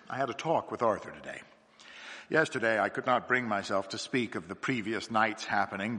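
A man narrating a horror story in a tense, dramatic way that swings between hushed and urgent. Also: mid-range voice. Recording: long hall reverb.

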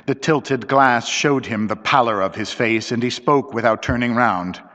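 A man's voice: mid-range voice, moderate pace, sharp tone. Man narrating a story in a reverberant room. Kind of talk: scripted audiobook narration. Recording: dull lo-fi recording with long reverb.

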